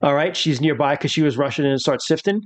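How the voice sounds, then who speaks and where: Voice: medium pitch, fast talker. A game master running a tabletop horror game, explaining rules with many fillers.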